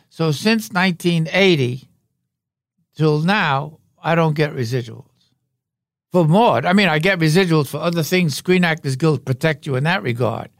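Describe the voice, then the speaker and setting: A man's voice: a little high, no room sound. An older man telling wry, rambling stories as an interview guest. His voice sits a little above the usual male range and sounds dry and close to the mic. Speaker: guest, veteran actor. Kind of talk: anecdotal interview talk.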